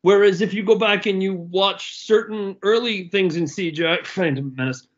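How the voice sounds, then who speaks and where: An excitable man chatting on a fan podcast, his voice sitting a bit high for a man. He rambles and restarts his sentences as he gushes. The recording sounds slightly dull and muffled. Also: normal speed. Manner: enthusiastic, rambling with many restarts. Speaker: podcast co-host. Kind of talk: casual review chat.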